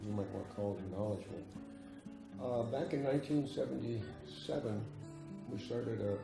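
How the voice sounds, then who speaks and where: A man who lectures at the church, presenting an award in a formal but halting way. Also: on the low side, creaky. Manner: halting, with fillers and restarts. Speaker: guest lecturer. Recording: echoey hall with guitar music.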